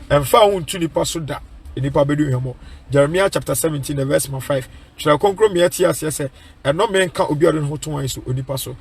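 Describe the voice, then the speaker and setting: High, husky Ghanaian evangelist. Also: male voice, fast. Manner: emphatic, repeats lines and asks "What I say?" for response; mixes English with Twi. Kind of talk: street-style preaching and advice.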